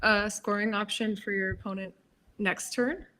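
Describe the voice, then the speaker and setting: A woman giving live game commentary, explaining moves in a measured, analytical way with hesitant fillers. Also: mid-range voice, fairly even intonation, bright, forceful tone. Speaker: tournament commentator.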